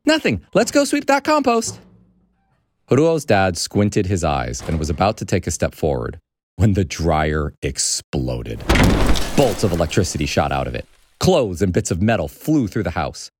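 A man reading a children's story aloud with an animated, expressive delivery. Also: low voice, normal speed, a little hiss or hum. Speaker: narrator.

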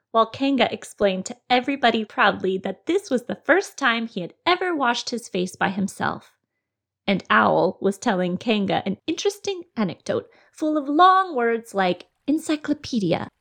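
A woman reading a children's storybook aloud in a gentle, expressive way. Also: mid-range voice, creaky. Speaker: storybook reader.

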